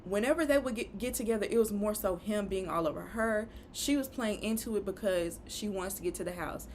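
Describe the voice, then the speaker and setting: A woman's voice: medium pitch, a little fast, slight background noise. A woman giving a chatty, opinionated recap of a reality show, full of rhetorical questions and asides. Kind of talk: casual recap rant.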